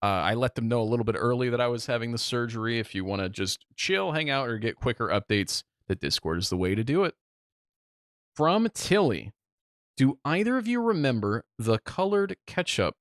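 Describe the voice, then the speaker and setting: A man in his twenties co-hosting a casual podcast, ranting and joking in an animated way. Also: medium pitch, moderate pace, dry recording, clean studio sound. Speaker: podcast co-host. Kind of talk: casual chat.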